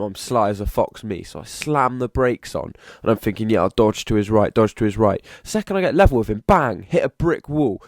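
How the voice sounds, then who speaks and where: A young man giving a sarcastic, profane video game review, swearing often. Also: medium pitch. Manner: sarcastic, swears often, shouts in disbelief at glitches.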